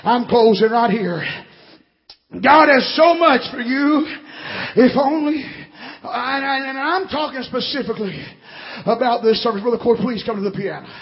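A man preaching a revival sermon in a church service, building from quiet storytelling to fiery shouted cries. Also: very high-pitched, moderate pace, long reverb tail, highs cut off.

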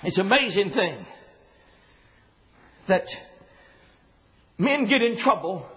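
A man preaching a sermon in an impassioned way, often shouting and then dropping low and quiet. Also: big pitch swings, slow pace.

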